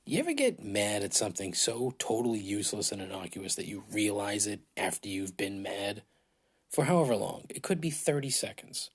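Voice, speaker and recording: A man's voice: lowish voice, big pitch swings, normal speed, slightly rough. A man hosting a casual solo podcast, rambling and swearing with self-mocking humor, his throat dry, recorded on a phone in a large hotel room. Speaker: podcast host.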